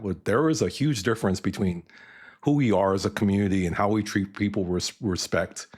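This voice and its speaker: Low-voiced middle-aged man, halting speech. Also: breathy edge. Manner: emotional, halting, repeats words. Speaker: stream host. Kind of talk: casual stream chat.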